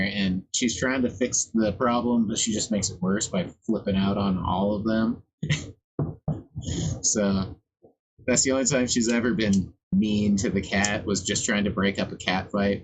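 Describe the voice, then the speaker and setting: A man's voice: lowish voice, steady tone, unhurried, slight background noise, poor audio. A man livestreaming while working on a song, chatting in a loose, rambling and profane way. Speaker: livestreamer making music. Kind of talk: casual live-stream chat.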